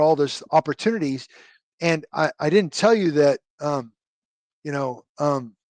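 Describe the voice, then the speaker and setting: A man's voice: on the high side, dry recording. A middle-aged man and retired army officer telling stories in an interview, rambling and full of fillers and tag questions. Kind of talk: conversational storytelling interview.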